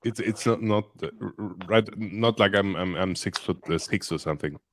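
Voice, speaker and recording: A man's voice: lowish voice, normal speed, a bit bright. A man with a German accent chatting casually on a panel, hesitant and full of restarts. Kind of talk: casual chat. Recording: noisy line with clicks.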